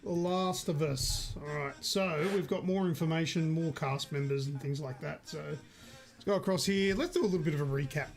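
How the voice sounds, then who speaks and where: A man's voice: a little high, moderate pace. A man co-hosting a gaming podcast in casual chat, rambling and correcting himself as he goes. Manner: chatty, rambling, self-correcting. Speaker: podcast co-host.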